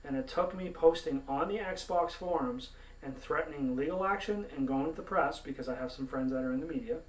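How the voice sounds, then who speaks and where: A man's voice: on the high side, a little fast. A man from Canada giving a profane, indignant rant to camera as a gaming vlogger. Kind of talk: ranting monologue to camera. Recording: roomy, mic at a distance.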